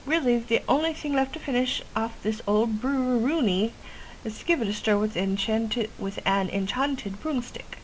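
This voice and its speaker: A woman's voice: fairly high pitch, moderate pace, a little hiss or hum, pitched above the performer's own voice, lightly acted, poor audio. A woman voicing a chatty old witch who brews potions and talks in a folksy, rambling way. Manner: folksy, rambling, ends lines with "cha".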